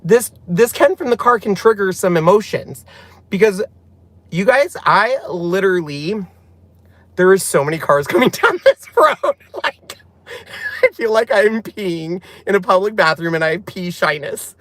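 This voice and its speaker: A man hosting a casual live chat from inside his car, excitable and laughing, admitting he is nervous. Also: sits high, unhurried, dry recording. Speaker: vlogger hosting a live stream.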